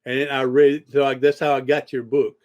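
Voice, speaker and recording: A man's voice: mid-range voice, little pitch movement, brisk, darkish tone. A man hosting a podcast, telling rambling stories in casual conversation with frequent restarts. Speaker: podcast host.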